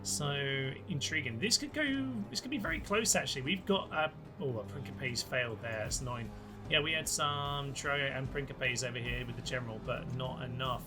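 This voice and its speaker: A man's voice: mid-range voice, moderate pace, music in the background. A young man hosting a channel, giving chatty, wry gameplay commentary and thinking aloud on a close mic. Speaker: YouTube host.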